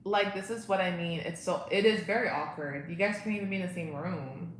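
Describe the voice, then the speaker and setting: A woman's voice: fairly low pitch, brisk. A young woman hosting a casual livestream from home, chatting and answering viewer comments. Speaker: livestream host. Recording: echoey room, faint ambient noise.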